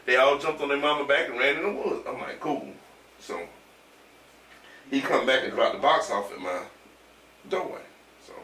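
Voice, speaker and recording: A man telling a rowdy story in casual chat, animated, laughing and swearing as he goes. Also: medium pitch, slight background noise. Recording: roomy echo from far off with faint ambience.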